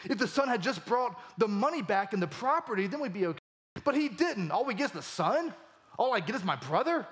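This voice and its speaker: A male pastor preaching a sermon with animated emphasis, his voice climbing for key points. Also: brisk. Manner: animated, voice rising high for emphasis.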